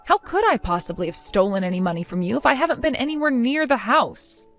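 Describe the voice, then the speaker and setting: A sarcastic, fed-up young wife, voiced by a woman, brushing off her mother-in-law with mockery. Her voice is fairly high and moves around a lot in pitch. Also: expressive, fast talker, fairly bright tone, soft background music. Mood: dismissive. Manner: sarcastic, mocking, dismissive.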